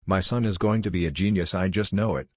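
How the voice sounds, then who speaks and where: A man's voice: sits low, fast, darkish tone, no room sound, studio quality. A man reading the lines of a playful teenage male ninja who teases in a mock-doting way. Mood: teasing.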